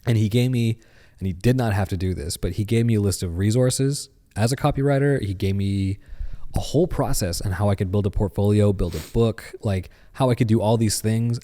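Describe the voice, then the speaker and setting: Deep-voiced man telling a story. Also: big-room sound. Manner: animated storyteller. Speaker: podcast guest. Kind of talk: casual chat.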